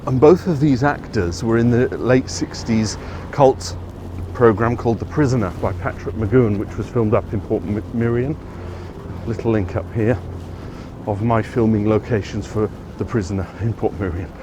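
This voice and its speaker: A man's voice: lowish voice, moderate pace. A man giving a chatty, rambling walking tour of city streets outdoors, often correcting himself. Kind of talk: casual walking-tour narration. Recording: outdoor street recording with traffic noise.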